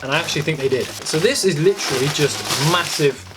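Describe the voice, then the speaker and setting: A young man, rambling excitably and swearing as he unboxes a parcel at home for his vlog. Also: fairly high pitch, fast talker. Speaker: photography vlogger. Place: at home by a desk. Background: background music.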